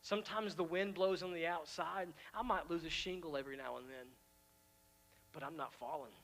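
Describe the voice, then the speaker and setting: A man pastor preaching a sermon, emphatic and repetitive, swinging from hushed asides to loud declarations. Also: fairly high pitch, steady tone, moderate pace, gravelly.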